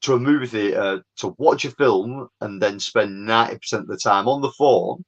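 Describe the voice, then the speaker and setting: A man's voice: fairly low pitch, normal speed. A man co-hosting a film club podcast, agreeing and chipping in with short repeated phrases. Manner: agreeable, repeats himself, chips in briefly. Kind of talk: casual podcast chat. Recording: dull lo-fi livestream audio.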